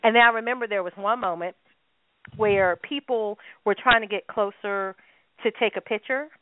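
Woman co-host in casual talk, lively and emphatic, heard through a narrow phone-like band. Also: mid-range voice, normal speed, no echo. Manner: animated, laughing, emphatic. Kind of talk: casual chat. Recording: tinny phone-like sound, dry.

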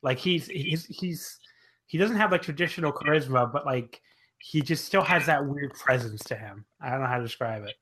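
A man's voice: medium pitch, normal speed, a bit bright, a little hiss or hum, poor audio. A man co-hosting a casual wrestling podcast, rambling with many fillers and self-corrections. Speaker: podcast co-host.

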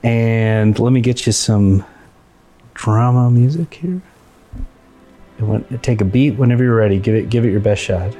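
A man's voice: on the low side, normal speed, pauses often, dark tone, soft background music. A man hosting a comedy podcast, running acting challenges in an upbeat, game-show style. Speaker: podcast host.

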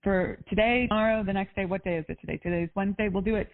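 A woman's voice: medium pitch, rapid-fire. A woman life coach on a coaching call, chatty and upbeat, with lots of casual fillers. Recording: tinny phone line.

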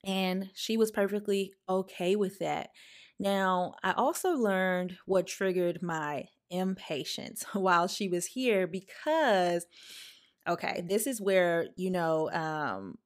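A woman in her twenties hosting a podcast and telling a personal story in a candid, chatty way. She talks straight to her listeners and gets animated when she quotes herself. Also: lowish voice, slow pace. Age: 20s. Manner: chatty, addresses listeners as "y'all". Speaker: podcast host.

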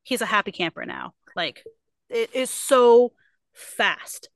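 A young adult woman co-hosting a casual book club podcast, retelling a story with lots of fillers and quick put-on quotes. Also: a little high, sing-song, dry recording. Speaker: podcast co-host.

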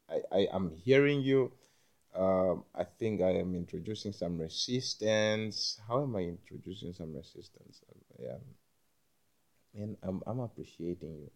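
A young man talking in a rambling monologue, halting and repeating himself, with frequent swearing. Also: deep voice, darkish tone.

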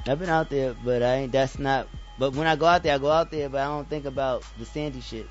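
A man hosting a casual radio show, talking loose and slangy, laughing often and getting excited. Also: medium pitch, fast. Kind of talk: casual chat. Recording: dull lo-fi sound with faint music.

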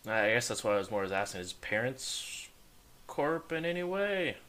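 A curt back-alley street doctor, groggy and all business, as a game master puts him on. His voice has a bright, forceful edge and an even, middling pitch. He keeps his questions short and clipped. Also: moderate pace.

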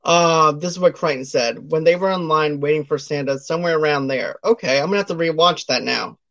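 A man's voice: fairly high pitch, a little fast, a bit bright, highs cut off. A man hosting a casual podcast, retelling movie scenes and reading out listener comments. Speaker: podcast host. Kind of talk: casual chat about a movie.

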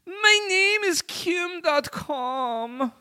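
Man doing a high, smug German tycoon voice with a comic accent. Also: expressive, very slow, bright, forceful tone, heavily acted. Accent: put-on German accent. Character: man, put-on German file-sharing mogul, high and smug.

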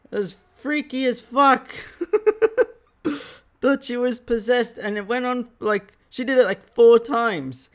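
A young man hosting a podcast, telling a story casually, animated, swearing and laughing often. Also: sits high, clean tone. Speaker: podcast host.

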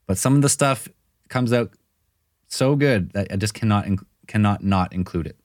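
A man hosting a podcast in casual chat, introducing a clip in a relaxed way. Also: on the low side, moderate pace, no echo. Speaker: podcast host.

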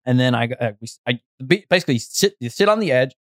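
A man's voice: mid-range voice, lively intonation, fast, fairly bright tone, dry recording, clean studio sound. Rambling young man telling a story. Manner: rambling, full of fillers and restarts. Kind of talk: casual chat, storytelling.

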